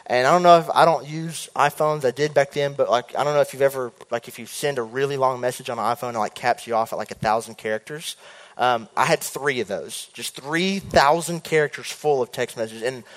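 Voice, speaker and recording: A young man telling a long personal story in a sermon, chatty and animated, often acting out what people said. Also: mid-range voice, brisk. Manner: animated, chatty, jumps into quoted voices. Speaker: preacher. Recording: hall reverb.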